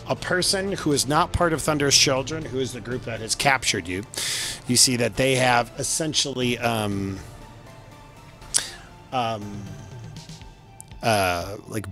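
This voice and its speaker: A man's voice: medium pitch, pushed and bright. A man running a tabletop game as game master, loose and chatty with lots of fillers. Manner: loose and chatty, many fillers, laughs often.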